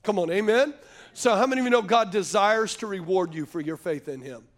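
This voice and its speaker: A man's voice: high voice, a little fast. A male pastor preaching a sermon to a live congregation, joking between points and calling for the crowd to answer. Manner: call-and-response preaching, asks the crowd to answer; jokey asides between points. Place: church sanctuary before a live congregation.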